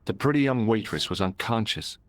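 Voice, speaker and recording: An actor playing a wry young American tourist with an American accent, dry and wisecracking. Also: male voice, fairly low pitch, animated, brisk, lightly acted.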